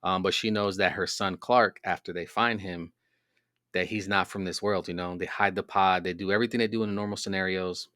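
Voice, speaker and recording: Podcast host, male, low register, loose rambling delivery, dry close mic. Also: steady tone, a little fast, pushed and bright, no room sound. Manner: rambling, filler-heavy storytelling. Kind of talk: casual monologue.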